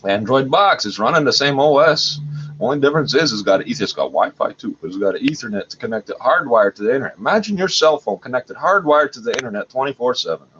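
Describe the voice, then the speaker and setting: A man's voice: mid-range voice, lively intonation, fast talker, a bit bright. A man at home hosting a livestream, rambling in an agitated, profane way. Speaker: livestream host. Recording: dull lo-fi audio with faint noise.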